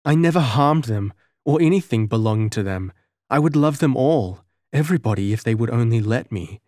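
A man's voice: medium pitch, lively intonation, brisk, a little mellow, no room sound, clean studio sound, close to an everyday voice. A man voicing a lonely young village girl who pleads earnestly and tearfully, in a storybook reading. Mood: sobbing, pleading.

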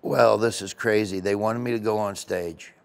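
Animated man telling rambling stories. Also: on the low side, gravelly. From United States. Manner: animated, rambling anecdotes with quick voice impressions. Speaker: comedian guest. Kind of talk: casual interview storytelling.

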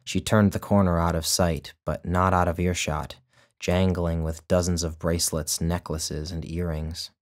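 A man narrating his own short story in a measured, deliberate storytelling manner. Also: deep voice, level tone. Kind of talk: scripted narration.

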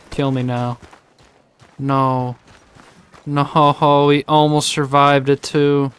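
A man's voice: medium pitch, completely flat delivery, drawn-out words, pauses often, a bit bright, slight background noise. A young man streaming a video game, swearing, complaining and laughing in mock grief. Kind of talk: casual game commentary.

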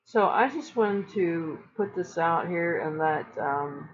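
A woman's voice: on the low side, expressive, slow pace, lo-fi sound. A woman preaching casually to her viewers, earnest and emphatic, with repeated phrases for stress. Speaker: online Christian speaker.

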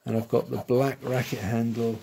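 A man's voice: medium pitch, level tone, moderate pace, vocal fry, dark tone, a little hiss or hum. A man giving a live drawing tutorial, thinking aloud and correcting himself as he sketches. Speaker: art teacher.

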